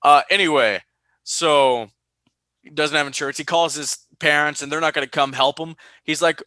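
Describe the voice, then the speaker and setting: A young man hosts a casual podcast, bright and forceful in tone. He tells stories with animation, often jumping up high to act out what others said. The sound is dry and close, with no room around it. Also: a little fast, no room sound. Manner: animated storytelling, high-pitched quoted voices. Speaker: podcast host.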